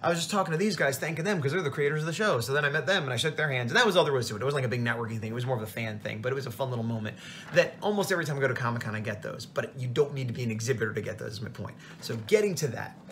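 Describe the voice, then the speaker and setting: A tired man, a comic artist, telling a rambling, animated story in a casual vlog. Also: mid-range voice, racing, a little hiss or hum. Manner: rambling, animated retelling with quoted voices.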